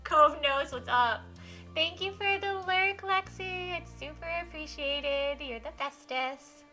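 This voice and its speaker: Brief: woman game streamer, bright tone, fairly high voice, giggly read-aloud, faint music behind. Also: slow. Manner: giggly, animated, reads text aloud and reacts. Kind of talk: live-streamed visual novel playthrough, reading aloud.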